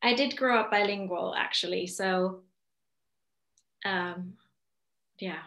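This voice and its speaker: Casting: German-born woman guest, bright and crisp, giggly, roomy video-call echo. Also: medium pitch, takes it slowly. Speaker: guest knitter. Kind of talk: casual video chat.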